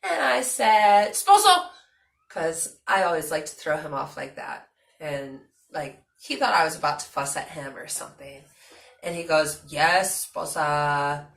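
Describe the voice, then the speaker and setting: A young woman chatting casually to her vlog audience, animated and talkative with lots of fillers. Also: low voice, moderate pace, creaky, echoey room. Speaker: vlogger.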